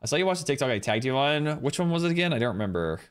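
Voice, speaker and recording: A man's voice: mid-range voice, rapid-fire, clear, resonant tone. Guy streaming from home, rambly casual chat w viewers, voice bouncing all over the place. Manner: chatty and rambling, excitedly thanking viewers.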